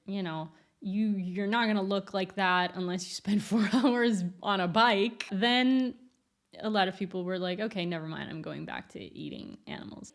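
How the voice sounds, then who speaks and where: A young adult woman talking candidly to camera as a YouTuber, blunt and quick to laugh. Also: medium pitch. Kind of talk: casual commentary to camera.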